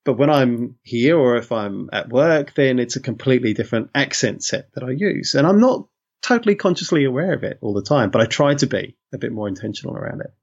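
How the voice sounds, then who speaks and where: A man's voice: medium pitch, lively intonation, brisk, husky, muffled recording. A man from London, a guest in an interview, talking in a thoughtful way that often corrects itself. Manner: thoughtful, self-correcting, uses 'you know' often. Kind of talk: reflective conversational interview.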